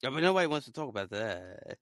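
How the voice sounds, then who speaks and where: A young man talking casually in a rambling solo monologue, swinging between low mutters and loud excited outbursts. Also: fairly quick, no echo, studio quality. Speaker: podcaster.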